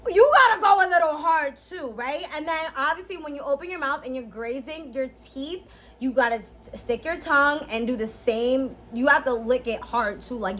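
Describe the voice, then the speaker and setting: High-voiced, lively young woman vlogger. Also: slight background noise. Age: 20s. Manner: animated, slangy, chatty, laughs often. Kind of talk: casual tutorial chat.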